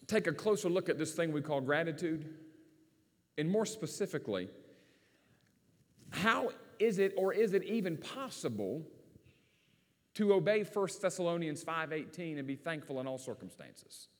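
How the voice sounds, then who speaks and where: A man's voice: fairly high pitch, animated, moderate pace, pauses often. A man with a rural Virginia accent, preaching a sermon in a folksy, storytelling way. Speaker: pastor. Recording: long hall reverb.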